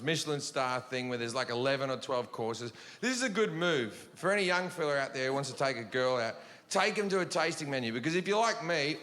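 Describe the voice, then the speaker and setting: A man's voice: a little high, sharp tone. A man doing a profane stand-up routine, telling blunt, ranting stories to a live audience. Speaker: stand-up comedian. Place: large venue before a laughing audience. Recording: live show in a reverberant hall with audience noise.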